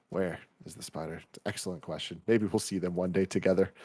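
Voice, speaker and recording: A man's voice: low voice, steady tone, quick pace, darkish tone. A man hosting a podcast, reading listener poems aloud with a dry, wry manner. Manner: wry, reads listener submissions. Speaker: podcast host.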